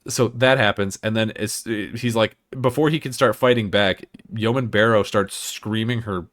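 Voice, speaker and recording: Young male co-host, lowish voice, rambling irreverent banter. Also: moderate pace, fairly bright tone. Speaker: podcast co-host. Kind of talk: casual chat, episode review.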